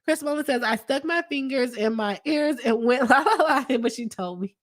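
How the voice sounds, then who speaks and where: On a live stream, a lawyer chats along and reads viewer comments aloud, her voice slightly high and her delivery expressive at a moderate pace. She laughs a lot, and a cold makes her cough every so often.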